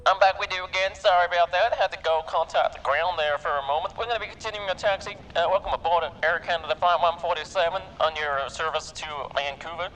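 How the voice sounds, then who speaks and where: A man's voice: high voice, steady tone, fast, hardly any pauses, fairly bright tone, slight background noise, pitched above the performer's own voice, poor audio. A man putting on an American accent to play a joking airline captain, giving mock-formal cabin announcements laced with swearing. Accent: put-on American. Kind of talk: mock cabin announcement on a flight-sim stream.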